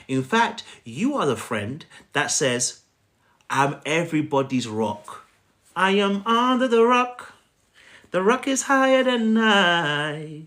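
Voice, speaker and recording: A man coaching viewers on a live stream in a preachy, animated way, often checking in with "right?". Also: on the high side. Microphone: phone.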